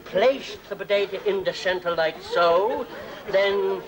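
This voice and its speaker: A man's voice: high voice, takes it slowly, a crowd in the background, low-quality recording. A man playing an overbearing, lonely dinner guest who chatters and shows off in a 1970s TV comedy sketch. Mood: bossy. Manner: chatty, bossy, full of jokes and sound effects. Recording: studio audience laughter, broadcast noise.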